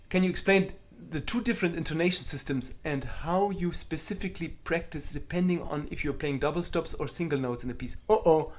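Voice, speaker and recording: Man, middle-aged, cellist, live Q&A, slightly high voice, candid, self-mocking. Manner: candid, self-deprecating, blunt. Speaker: cellist answering viewer questions. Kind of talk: live online Q&A.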